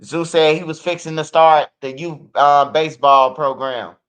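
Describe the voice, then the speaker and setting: This livestream commentator from Chicago goes on a casual, rambling rant full of profanity, repeating "bro" and "man" and laughing often. His voice sits on the high side, steady in tone, a bit bright, at a moderate pace. The stream audio is muffled and lo-fi.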